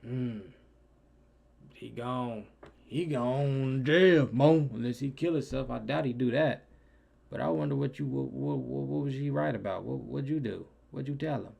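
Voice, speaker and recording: Young guy reacting to a clip, super gravelly voice, slangy, goes loud then mutters. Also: mid-range voice, moderate pace. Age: young adult. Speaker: reaction streamer. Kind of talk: casual reaction commentary.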